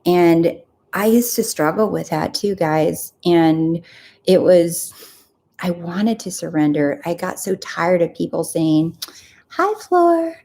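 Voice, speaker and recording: A woman's voice: on the low side, fairly even intonation, takes it slowly, vocal fry, mellow. A woman hosting a live coaching talk, earnest and encouraging, often repeating her phrases. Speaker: host.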